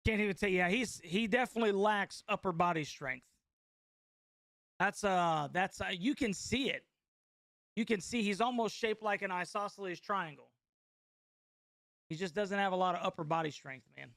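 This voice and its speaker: Gravelly excitable sports-fan man. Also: sits high, normal speed, pauses often, no room sound, clean studio sound. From North Carolina. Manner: excitable, slangy, chatty, reads chat aloud. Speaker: sports watch-party host. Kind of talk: live game reaction.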